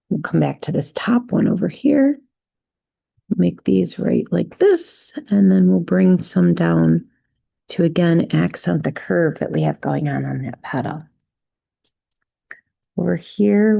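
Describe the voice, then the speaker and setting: A woman teaching a step-by-step drawing tutorial, gently talking through each stroke and checking in with "right?" as she goes. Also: lowish voice, vocal fry, slightly rough, no echo, muffled recording. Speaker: drawing instructor.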